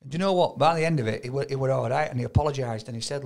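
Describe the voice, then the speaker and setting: A Yorkshire man with a gravelly, creaky voice, chatting on a podcast. He tells stories in a rambling way, often stumbling and repeating words, and his pitch sits at an ordinary middle level. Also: racing, few pauses, a little mellow. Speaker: podcast co-host. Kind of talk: casual chat.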